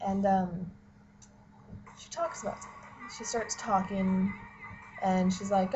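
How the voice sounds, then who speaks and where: A woman's voice: medium pitch, steady tone, a little slow, long pauses, muffled recording, background noise. Young woman ranting, swearing a lot. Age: young adult. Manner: profane, heavy use of "like", exasperated. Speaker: college student vlogger. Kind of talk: casual ranting vlog.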